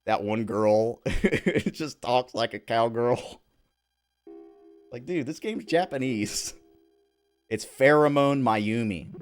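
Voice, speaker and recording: A man's voice: mid-range voice, lively intonation, takes it slowly, pauses often. A man from Southern California giving casual gameplay commentary as a streamer, with laid-back, rambling asides.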